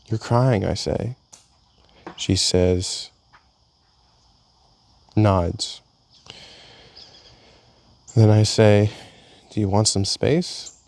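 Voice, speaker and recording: A young man reads entries from his own journal aloud in a casual, halting way, often restarting his sentences. His voice sits low and has a gravelly, rough edge to it. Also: fairly even intonation, darkish tone. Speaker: vlogger. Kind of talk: reading a personal journal aloud.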